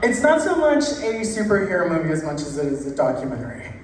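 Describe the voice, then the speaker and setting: A woman stand-up comedian telling jokes in an unhurried, deadpan way, stretching out her punchlines. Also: low-pitched, background noise. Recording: echoey room heard from a distance.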